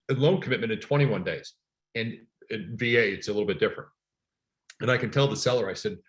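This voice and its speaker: A man teaching a live online real estate sales class in an energetic, emphatic storytelling manner. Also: medium pitch.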